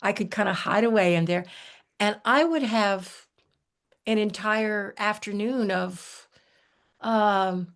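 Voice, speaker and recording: Gravelly-voiced older woman telling stories. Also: mid-range voice, takes it slowly. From United States. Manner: warm folksy storytelling with frequent restarts and laughs. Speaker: herbalist guest. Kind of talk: relaxed conversational storytelling.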